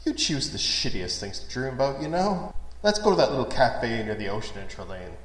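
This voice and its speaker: A man's voice: medium pitch, animated, a little fast, fairly bright tone, reverberant, in a large hall, close to an everyday voice. A man voicing a sly, coaxing dream spirit.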